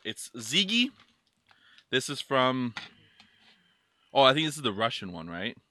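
A man's voice: medium pitch, sing-song, a little slow, bright, forceful tone, a little hiss or hum. A young man co-hosting a casual snack taste-test vlog, loose and profane, with mumbled asides. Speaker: vlog co-host.

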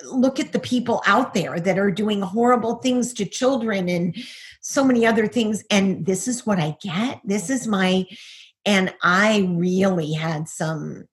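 A woman's voice: mid-range voice, unhurried. A middle-aged woman, a guest, giving a personal testimony over a video call, earnest and full of rhetorical questions.

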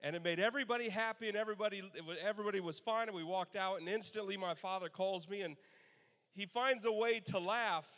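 A man in his thirties, a pastor telling Father's Day stories in a sermon, animated and laughing as he acts out quotes. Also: high-pitched, quick pace. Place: church sanctuary. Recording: long church hall reverb.

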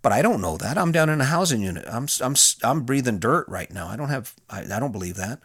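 A man's voice: mid-range voice, expressive, quick pace, a bit bright, breathy edge, no echo, clean studio sound. A middle-aged man, a former prison officer, telling a personal story in a candid, plain-spoken way with restarts and fillers.

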